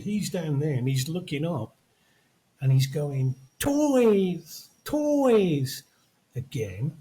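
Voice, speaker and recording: A man's voice: on the high side, dark tone, low-quality recording. An older man, chatting casually as podcast co-host and retelling film stories. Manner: storytelling, acts out quotes from films. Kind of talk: casual chat.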